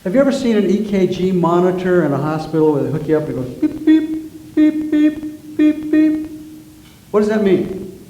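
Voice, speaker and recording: A man's voice: high voice, fast, warm tone, dull audio, faint music behind. A man, a guest minister and author, preaching a sermon in a conversational way, repeating himself and asking the congregation questions, in a church sanctuary. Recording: roomy church sanctuary, faint noise.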